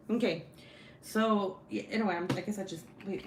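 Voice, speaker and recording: A young woman chatting casually at home, telling profane stories and acting out the quotes in lively bursts. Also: lowish voice, quick pace, slight background noise. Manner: profane, animated, acts out quotes. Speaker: craft vlogger. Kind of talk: casual storytelling chat.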